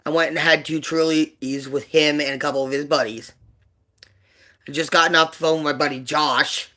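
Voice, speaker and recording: A man with a bright, forward voice tells a personal story on his livestream. He rambles, stops and restarts, leaning on fillers and repeated words. He turns quiet and emotional as the memories get painful. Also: on the high side. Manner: subdued and emotional when telling painful memories. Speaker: livestream host.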